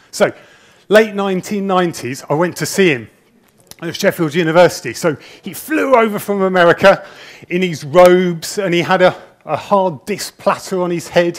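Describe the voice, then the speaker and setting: A man in a slightly higher register than most men delivers a conference talk from an auditorium stage, speaking into a handheld mic. He sounds a little nervous, chatty and self-deprecating, and often restarts his sentences as he tells his stories. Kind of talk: conference presentation, anecdotal storytelling.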